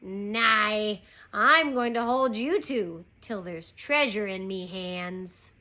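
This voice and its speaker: A woman voicing a gruff, greedy male pirate captain who barks orders in a storybook reading. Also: medium pitch, takes it slowly, bright, forceful tone. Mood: sly. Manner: bossy, barking orders.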